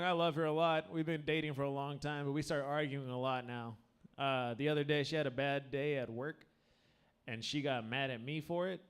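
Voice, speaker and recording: A slightly drunk man rambles through a crude open-mic stand-up set, stumbling over his words and restarting sentences. His voice sits a bit high for a man. It sounds like a handheld stage mic in a small bar room. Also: fairly bright tone, clear, resonant tone. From United States. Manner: crude, rambling, self-interrupting. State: tipsy. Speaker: stand-up comedian.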